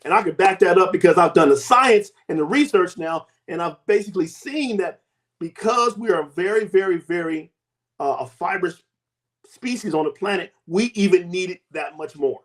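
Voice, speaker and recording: High-voiced man telling a lively story. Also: moderate pace. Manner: emphatic, with big swoops in pitch and loudness. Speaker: host and health coach. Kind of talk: animated personal storytelling.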